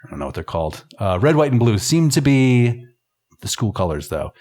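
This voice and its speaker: A man's voice: mid-range voice, very animated, brisk, a little mellow. Wry joking man hosting a film podcast. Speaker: podcast host. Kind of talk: casual movie commentary.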